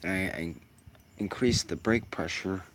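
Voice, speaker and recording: A man's voice: low-pitched, measured pace, a bit bright, a little hiss or hum. A man giving casual, rambling commentary while sim racing, musing aloud with lots of fillers.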